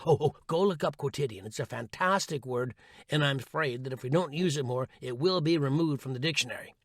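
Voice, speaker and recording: A man's voice: medium pitch, a little fast, fairly bright tone, no echo. A man reading his own essay aloud in a wry, sarcastic, playful way, as an audiobook narrator and voice coach.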